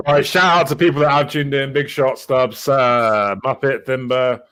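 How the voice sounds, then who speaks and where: A man hosting a casual gaming podcast, swearing freely and wrapping up the show with shout-outs. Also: medium pitch, steady tone, moderate pace. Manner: loud, swearing, upbeat sign-off. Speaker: podcast host.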